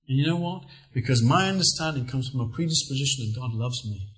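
A middle-aged man preaching a sermon, telling personal stories with earnest, lively emphasis. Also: medium pitch, fast talker, rough recording.

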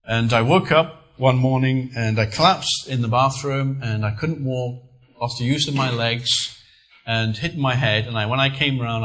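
A man's voice: medium pitch, poor audio. Man preaching earnest sermon. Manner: earnest storytelling with lively emphasis.

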